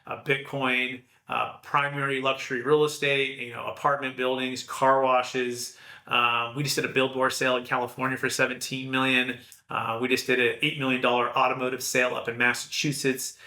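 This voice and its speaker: A man giving an energetic, persuasive podcast pitch on tax strategy, telling a story and acting out the dialogue. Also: roomy sound.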